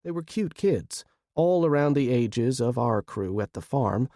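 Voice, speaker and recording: A man giving steady, measured first-person narration for an audiobook. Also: mid-range voice, no echo, studio quality.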